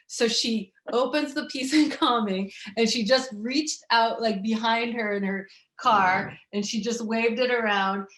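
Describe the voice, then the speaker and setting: A woman teaching yoga and essential oils, chatting casually on an online summit and telling animated stories with plenty of fillers. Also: fairly high pitch, measured pace, roomy sound. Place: indoor room at home with diffusers.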